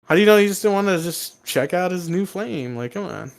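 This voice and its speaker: A man's voice: high voice, expressive, brisk, creaky. A man co-hosting a podcast in casual chat, rambling and profane, laughing and acting out quotes. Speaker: podcast co-host.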